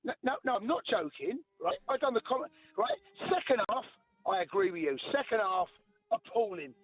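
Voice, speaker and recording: A man's voice: high voice, sing-song, moderate pace, soft background music. A man calling in to a radio show who argues his point defensively and insistently, over and over asking "right?". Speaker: radio phone-in caller. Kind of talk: heated radio phone-in argument. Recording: tinny phone line with faint hiss.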